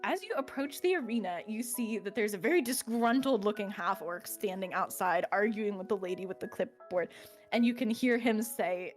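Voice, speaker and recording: A woman game master narrating a fantasy adventure in a mid-pitched voice. Her description is loose and conversational, full of "um"s and little laughs, with faint music playing behind. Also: animated, normal speed. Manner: descriptive, with frequent fillers and laughs. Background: faint background music.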